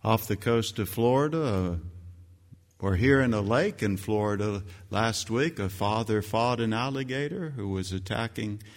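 A man preaching a sermon as pastor, emphatic, with his voice leaping up on key phrases. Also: moderate pace. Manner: emphatic preaching that leaps higher and louder on scripture quotes. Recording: long hall reverb.

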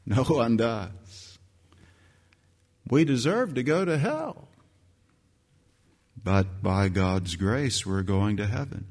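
With big pitch swings, a slow pace, and frequent pauses, a pastor preaches an emphatic sermon in which his voice leaps up, louder and higher, on key phrases and scripture quotes. Long hall reverb colors the sound.

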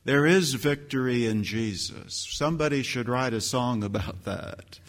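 A man's voice: a little slow, few pauses. A man preaching a sermon as pastor, emphatic, with his voice leaping up on key phrases. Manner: emphatic preaching that leaps higher and louder on scripture quotes. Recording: long hall reverb.

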